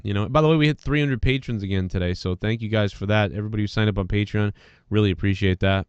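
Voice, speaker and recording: A man's voice: lowish voice, quick pace, smooth, no room sound, dull audio. A man hosting a podcast, talking in a casual, rambling and profane way while congested from allergies. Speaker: podcast host. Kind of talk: casual solo rant.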